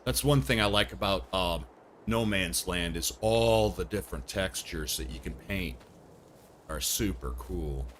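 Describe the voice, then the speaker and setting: A man's voice: low voice, lively intonation, a little slow, fairly bright tone, a little hiss or hum. A man giving casual commentary while streaming a game, chatty and thinking aloud, often laughing at himself. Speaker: livestreamer.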